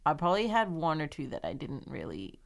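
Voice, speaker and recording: Low, gravelly-voiced young woman. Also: big pitch swings, fairly quick. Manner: soft, storytelling with many fillers. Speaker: podcast guest. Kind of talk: casual conversation.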